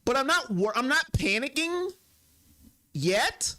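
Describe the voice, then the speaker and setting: A young man hosting a sports live stream, reading and answering viewer comments, swinging between heated rants and quiet apologies. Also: high-pitched, sing-song, measured pace.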